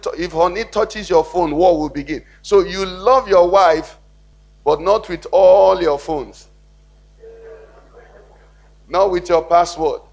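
A man preaches a sermon to his church. His voice sits high for a man, and he keeps checking that the congregation is with him. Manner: preaching with call-and-response questions to the congregation. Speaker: pastor.

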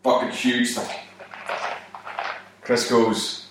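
A man in his thirties, a comedian telling a profane story and swearing constantly, jumping his voice up for quoted shouts. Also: lowish voice, moderate pace. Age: 30s. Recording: very echoey room, mic at a distance.

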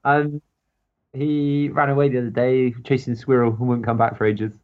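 A man's voice: medium pitch, flat delivery, moderate pace, phone-quality sound. A man chatting casually among friends, rambling and hesitant, full of ums.

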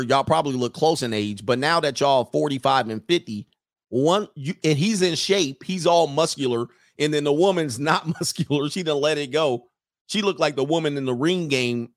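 A man's voice: a little high, no room sound, studio quality. Joking man hosting reaction commentary. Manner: joking, animated, laughs often. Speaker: host.

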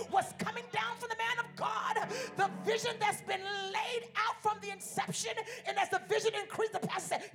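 Woman pastor, very high voice, fiery call-and-response sermon, organ music under her. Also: vocal fry. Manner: call-and-response preaching, builds to shouting. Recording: music playing behind.

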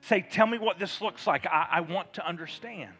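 A man preaching a sermon as pastor, leading his congregation in call-and-response and prayer with emphatic delivery that swells to loud fervor. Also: high voice, normal speed, husky, faint music behind.

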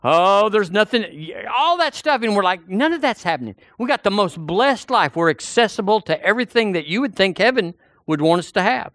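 A preacher, a man whose pitch sits a little high and swings widely as he works up the congregation. He talks folksy and direct, circling back on his own words. The sound is close and dry. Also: brisk, few pauses, no echo. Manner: animated, folksy, repeats himself, addresses the congregation directly. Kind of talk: sermon.

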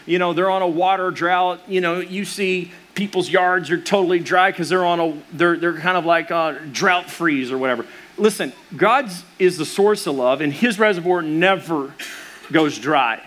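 High-voiced pastor preaching, lively and joking. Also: male voice. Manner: animated storytelling with humor and asides to the congregation. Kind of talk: sermon.

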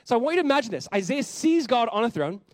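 Fast, high-pitched, animated preaching man. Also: no echo. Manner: animated, rhetorical questions to the congregation; drops to a soft, quiet voice on reflective lines. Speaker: pastor. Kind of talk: sermon.

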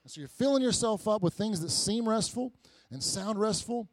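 A male pastor in middle age delivers a relaxed, story-driven sermon, often restarting and repeating his words as he goes. His voice sits a bit high for a man. It is recorded close and dry, with almost no room echo. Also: normal speed. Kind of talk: conversational sermon.

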